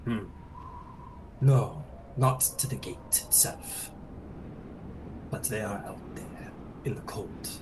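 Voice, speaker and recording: A man's voice: fairly low pitch, lively intonation, slow, long pauses, very noisy. A man voicing a proud, courteous paladin commander with a dry, lightly teasing manner. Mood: wry.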